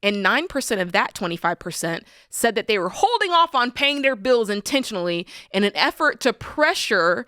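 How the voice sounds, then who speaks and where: A woman in her thirties co-hosting a talk show, animated and emphatic, often saying "like" and "listen". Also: fairly high pitch, moderate pace, hardly any pauses, dry recording, clean studio sound. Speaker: co-host. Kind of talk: casual talk show chat. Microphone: studio microphone.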